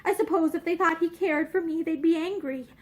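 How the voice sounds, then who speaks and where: Reading aloud in a very high-pitched, brisk voice, a woman takes on the part of an earnest, sensitive young woman. The character speaks eagerly, with a slight tremble.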